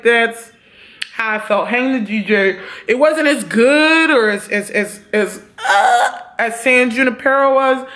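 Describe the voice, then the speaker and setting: A young woman casually reviewing a TV series, talking in animated, profane bursts that swing between loud outbursts and quick asides. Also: a little high. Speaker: TV review vlogger.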